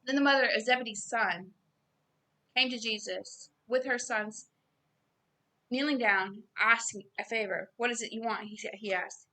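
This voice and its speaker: A woman giving an informal Bible reading and sermon, earnest and growing loud and emphatic as she preaches. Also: a little high, moderate pace. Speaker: self-styled preacher.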